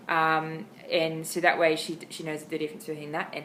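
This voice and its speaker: A woman with an Australian accent casually sharing dog training tips at home, chatty and expressive with lots of ums. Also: low voice, quick pace, hardly any pauses, a little hiss or hum, low-quality recording. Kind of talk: casual how-to talk to camera. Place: home, indoors.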